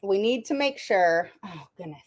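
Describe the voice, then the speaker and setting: A woman's voice: medium pitch, animated, moderate pace. Casting note: woman host, parent advocate, emphatic and repetitive, casual livestream advice. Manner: emphatic, repeats words for stress.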